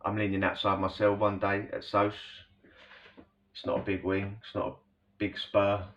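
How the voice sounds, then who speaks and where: A man talks in a low, easy voice, rambling through a story with slang and constant asides to the listener. He sits a little way back from the mic, and the recording sounds dull and lo-fi. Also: completely flat delivery, moderate pace, distant mic. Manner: rambling, slangy, full of "you know" asides. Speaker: storyteller recounting prison life. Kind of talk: casual spoken storytelling.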